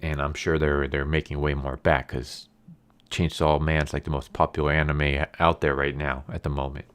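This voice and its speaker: Low-voiced man casually reviewing anime. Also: moderate pace, clear, resonant tone. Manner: chatty and rambling, heavy use of "like"; animated, easily amused. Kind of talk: casual episode recap and review.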